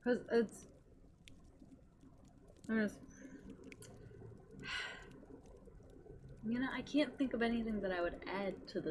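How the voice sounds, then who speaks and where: A woman's voice: a little high, slow pace, pauses often, noisy background. A young woman streamer rambling in casual chat, gushing and swearing freely.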